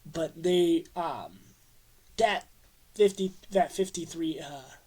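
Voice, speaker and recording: A young adult sports fan ranting to camera, rambling and excitable, with a steady stream of "like" fillers. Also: mid-range voice, takes it slowly, breathy edge. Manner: rambling and excitable, heavy use of "like". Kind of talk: casual rant to camera.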